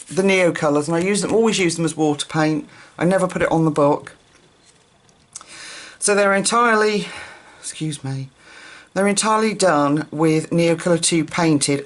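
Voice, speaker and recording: A grandmother chatting casually on her coloring channel, rambling and enthusiastic as she shows her pages. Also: low-pitched. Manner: chatty, rambling, self-correcting, warmly enthusiastic.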